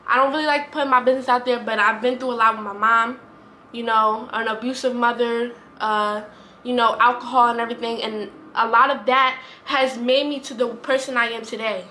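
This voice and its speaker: A woman's voice: a little high, fairly even intonation, a little fast, sharp tone, slight background noise. A woman, talking earnestly to camera in a rambling, repetitive way. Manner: earnest, rambling, repeats herself. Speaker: vlogger. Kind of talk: heartfelt casual talk to camera.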